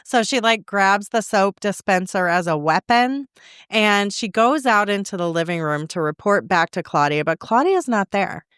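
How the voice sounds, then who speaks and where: A woman's voice: medium pitch, expressive, normal speed, fairly bright tone, clean tone, no echo, studio quality. A woman co-hosting a podcast, chatting casually and giggling as she recaps a book's plot. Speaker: podcast co-host. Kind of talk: casual book review chat.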